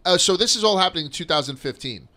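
A podcast host, a man in his thirties, talks in a high-sitting voice with lively intonation and a sharp tone, racing along. He rambles casually, swears freely, and leans on lots of fillers.

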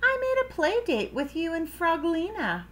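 A woman voicing a gentle frog mother in a calm, soothing storybook read-aloud voice. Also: very high voice, normal speed, voice pushed up.

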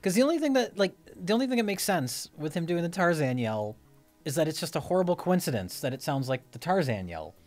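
A man in a casual movie commentary, giving easygoing, measured opinions. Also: on the high side, very animated, darkish tone, soft background music. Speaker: film commentary host.

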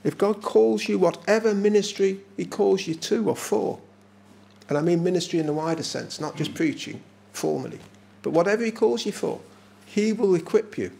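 A man with an English accent preaching a sermon in a small village chapel, emphatic and often slowing down to stress key words. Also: high voice, expressive, creaky, darkish tone.

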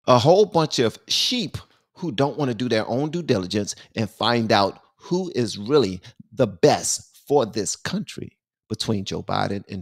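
A man hosting his own channel, giving emphatic, preachy opinion commentary and repeating words for stress. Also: lowish voice.

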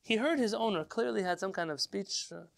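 A man teaching an informal religious class as a rabbi, lively and rhetorical, putting questions to his listeners. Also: sits high, brisk, creaky. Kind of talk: informal Torah lesson to a live class.

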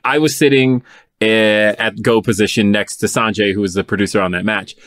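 Low-voiced interview host, dry sound. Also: male voice, fairly quick, a bit bright, dry recording. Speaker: podcast host. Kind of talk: interview questions.

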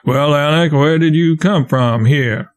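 A man reading as a gruff stern raftsman boss. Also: on the high side, a little slow, close to an everyday voice. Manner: blunt and commanding.

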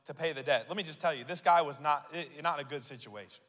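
A male pastor preaching a sermon, reading scripture aloud and building to loud declarations. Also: a little high, fast talker. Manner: reads scripture aloud and asks the crowd to repeat. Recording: long hall reverb.

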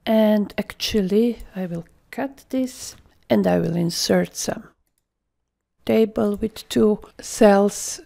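A woman giving a screen-recorded software tutorial, thinking aloud as she works and dropping into half-whispered asides. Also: mid-range voice, slow pace, vocal fry. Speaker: software trainer.

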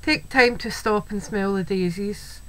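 A woman's voice: medium pitch, unhurried, fairly bright tone, poor audio. A Scottish woman chatting casually as she shows off a crafting item at home, gushing and full of "wee"s and "um"s. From Scotland. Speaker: crafting video host. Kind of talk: casual show-and-tell. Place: home, a child heard in the background. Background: faint household noise.

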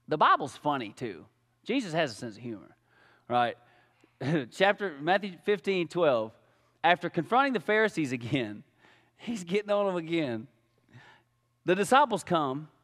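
A man preaching a sermon as pastor, animated and casual, full of rhetorical questions. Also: a little high, in a large hall. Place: church sanctuary.

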